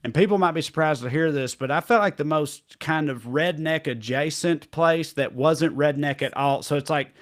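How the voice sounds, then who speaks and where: A man's voice: fairly high pitch, moderate pace, few pauses. A man with a Southern US accent hosting a casual comedy chat show, reading viewer comments aloud, joking about himself and laughing often. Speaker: show host.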